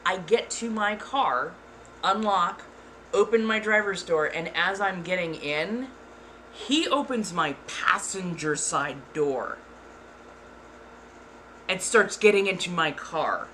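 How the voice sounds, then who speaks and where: A woman hosting her channel, telling a story in casual chat, animated and swearing freely. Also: lowish voice, slow, a little hiss or hum. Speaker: ASMR channel host.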